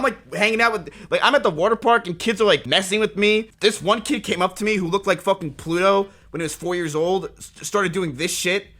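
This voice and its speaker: Animated young man rambling to his chat. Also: sits high. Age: 20s. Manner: rambling, animated, swears often. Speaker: streamer. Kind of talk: casual storytelling to chat.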